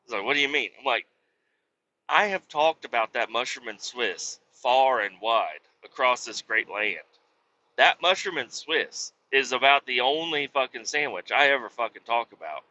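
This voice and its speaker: A swearing, self-mocking Midwestern man rambles through a story from behind the wheel of his truck. His voice is sharply bright and sits at a middle pitch, and the recording sounds dull and lo-fi. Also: animated, moderate pace, a little hiss or hum. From Kansas City, USA. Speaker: truck driver vlogger. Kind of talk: casual storytelling monologue while driving. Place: in a truck cab while driving.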